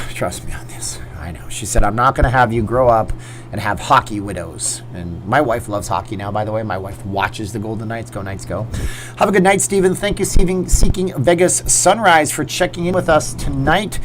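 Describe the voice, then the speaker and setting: A man in his forties hosts a live chat Q&A in front of a green screen, picking up viewer comments and answering them off the cuff. His voice sits at an ordinary middle pitch and his talk stays loose and chatty. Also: moderate pace, background noise. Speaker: livestream host. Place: indoor green screen setup.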